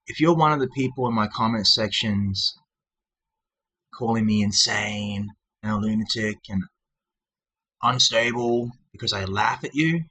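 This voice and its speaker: A man ranting at his commenters in a mocking, sarcastic tone, breaking into shrill manic laughter. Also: bright, forceful tone, husky, poor audio. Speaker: channel host.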